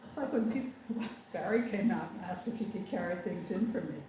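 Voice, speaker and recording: Older woman minister, wry and chatty, mellow voice, echoey room, distant mic. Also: mid-range voice, brisk. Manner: wry, chatty, sarcastic asides with laughter. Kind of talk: conversational sermon. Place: congregation meeting room. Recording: echoey room from far off with faint background noise.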